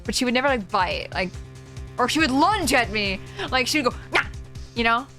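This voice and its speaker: A woman's voice: a little high, expressive, a little fast, bright, forceful tone, soft background music. A young woman streaming a game, chatting casually and giggling, with lots of "like" fillers. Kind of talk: casual gaming stream chat.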